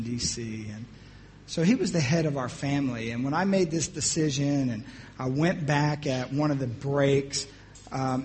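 A middle-aged man from New Jersey preaching a sermon, telling his own testimony in an animated, humorous storytelling way. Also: mid-range voice, slight background noise.

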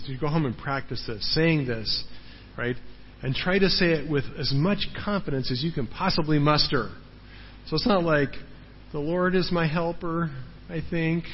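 Recorded in a big, echoing hall with dull sound and slight background noise, a man preaches as a pastor in a slightly high voice. He's earnest, repeats words to stress them, and frequently checks in with his congregation.

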